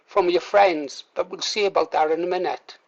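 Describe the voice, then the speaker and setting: A man's voice: high voice, steady tone, moderate pace, vocal fry, dull audio. A man hosting a reaction video, mocking and heckling a played clip with sarcastic asides. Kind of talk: commentary over a played clip.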